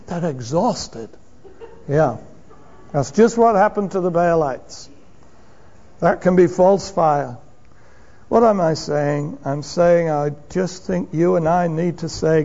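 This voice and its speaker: A man with a high voice preaching a sermon from the pulpit. He speaks with steady emphasis, asks his congregation rhetorical questions and chuckles now and then. The recording sounds dull and lo-fi. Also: slow pace.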